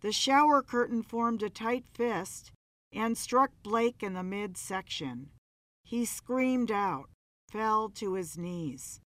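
A woman narrating a horror story in a slow, measured way for a podcast. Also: medium pitch, a bit bright, no room sound.

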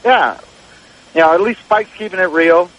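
A laid-back man calling into a talk radio show. His voice sits a little high, and he chats easily and agreeably with the host. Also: normal speed, fairly bright tone, poor audio. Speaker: caller. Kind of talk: casual call-in chat.

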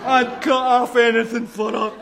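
An actor with a Scottish accent playing a cocky, sentimental young neighbour in a sitcom who boasts about himself. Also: male voice, very high-pitched, flat delivery, moderate pace, gravelly, a crowd in the background.

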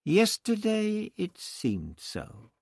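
A man reading an audiobook voices a scheming, sneering high priest with a husky, dry, drawn-out delivery. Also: very animated, no echo, full character voice. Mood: sly. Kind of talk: audiobook character voice.

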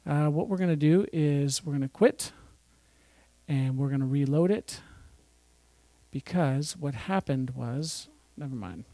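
A man's voice: on the high side, a little slow, pauses often, dark tone, no echo. A man giving an informal Bible teaching, reading scripture with chatty, jokey asides. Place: church or fellowship hall.

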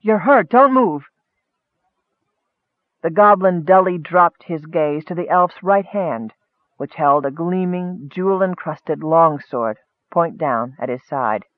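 High-voiced man reading a fantasy story. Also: unhurried, no echo, narrow, tinny audio. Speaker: narrator. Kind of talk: audiobook fantasy narration.

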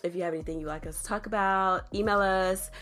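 A woman's voice: mid-range voice, fairly even intonation, fast, fairly bright tone. A young adult woman co-hosting a casual podcast with her partner, chatty and teasing. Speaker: podcast co-host. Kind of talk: casual couple podcast chat.

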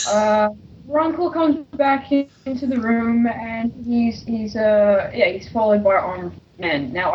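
A woman's voice: a little high, lo-fi sound. A woman with a thick accent, co-hosting a casual podcast and reading a comic aloud, hesitant and mumbly, laughing things off.

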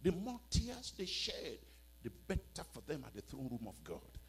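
A man with a West African accent preaching a sermon in a church, dramatic and mocking, dropping to a hush and then shouting. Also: medium pitch, very animated, normal speed.

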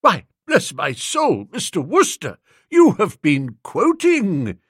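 Male reader doing an old storybook lord, higher pitched, slow and doddery, sentimental. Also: huge pitch swings, fairly bright tone, breathy edge, dry recording, clean studio sound, heavily acted. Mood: delighted.

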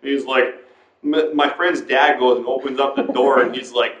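A man's voice: mid-range voice, fairly even intonation, moderate pace, noisy background. A man hosting a casual chat podcast, telling profane, rambling stories. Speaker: podcast host. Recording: roomy, dull lo-fi sound.

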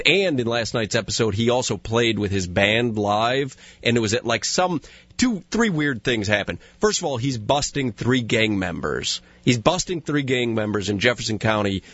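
A man's voice: medium pitch, dry recording, highs cut off. A man co-hosting a radio talk show, telling mocking stories in casual banter. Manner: animated, mocking storyteller.

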